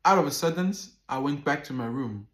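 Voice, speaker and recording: A man vlogging a personal story in a casual, animated way, swearing often and acting out the dialogue. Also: fairly high pitch, a little fast, reverberant.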